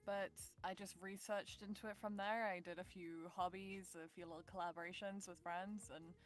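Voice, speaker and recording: A woman's voice: fairly low pitch, fairly even intonation, moderate pace, faint music behind. A woman in her twenties with a Northern English accent, chatting casually and giggling as an interview guest. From north of England. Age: 20s. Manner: chatty and giggly, lots of fillers. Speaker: voice actress guest.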